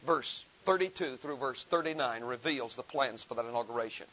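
A man preaching a sermon, building emphasis through repeated phrases and reading scripture slowly and deliberately. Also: mid-range voice, fairly bright tone. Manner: rhetorical repetition, emphatic rising delivery. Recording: dull lo-fi sermon recording.

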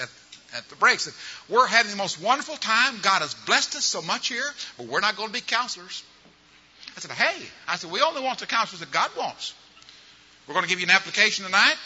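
A man's voice: high voice, sharp tone. An older man giving a sermon-style evangelism training talk, telling folksy stories and acting out the voices of the people in them. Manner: folksy storytelling, acts out quoted voices. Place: large church or auditorium. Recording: muffled recording in a large reverberant hall.

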